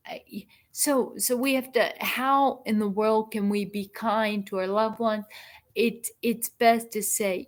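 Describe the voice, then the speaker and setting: A middle-aged woman hosting a casual livestream chat, talking in a halting way with many restarts and asides. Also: a little high, fairly even intonation. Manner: slow, halting, frequent restarts and self-talk. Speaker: livestream host.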